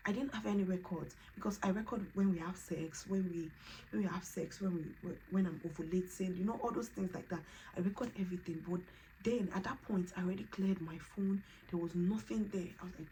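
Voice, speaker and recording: A woman's voice: on the low side, brisk, a little hiss or hum, rough recording. A woman, telling her personal story in a vlog and acting out what others said. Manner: animated, quotes others in lively voices. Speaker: vlogger.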